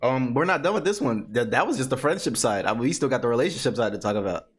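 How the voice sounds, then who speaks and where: A man's voice: mid-range voice, lively intonation, fast talker, husky. A young man steering a casual chat with prodding questions. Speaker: podcast co-host.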